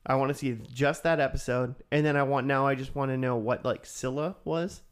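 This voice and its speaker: A young man co-hosts a relaxed podcast chat. He rambles, trailing through fillers and restarts before landing his point. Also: medium pitch, brisk, clear, resonant tone. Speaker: podcast co-host. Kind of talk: casual chat.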